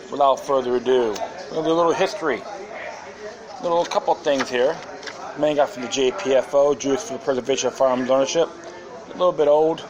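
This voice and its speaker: A man hosts his own podcast in a loose, rambling monologue with a sarcastic edge. His voice sits at an ordinary middle pitch. A crowd murmurs behind him. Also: rough recording. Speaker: podcast host. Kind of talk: casual monologue.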